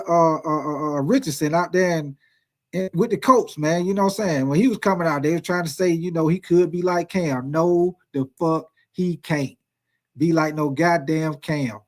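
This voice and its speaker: A man's voice: high-pitched, fairly quick, a little mellow. A man hosting casual sports talk, emphatic and full of profanity.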